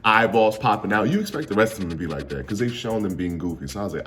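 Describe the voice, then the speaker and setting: A man's voice: lowish voice, lively intonation, fast, over music. A young man recapping a comic chapter in a casual, slangy, jokey way with frequent laughs. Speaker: manga reviewer.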